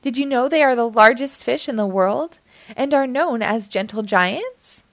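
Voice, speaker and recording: A woman's voice: a little high, expressive, a little slow, dry recording. A woman voicing a kindly, cheerful old Santa who explains things with a smile. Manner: warm, smiling, gently explaining.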